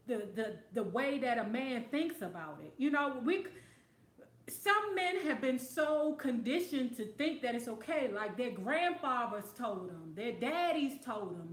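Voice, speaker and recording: A high-pitched woman talks straight to her audience, swearing freely and laughing through her own stories. She is a show host answering viewer comments in a loose, lively monologue. Her voice rings off the walls of an echoey room. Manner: animated, profane, storytelling, quick to laugh. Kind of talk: casual talk show monologue.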